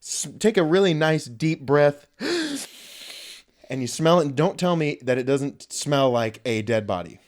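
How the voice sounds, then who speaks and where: A man's voice: a little high, animated, moderate pace, hardly any pauses. A man co-hosting a casual podcast from a room at home, joking and teasing on a mic stand. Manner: joking, teasing, self-mocking. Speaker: podcast co-host.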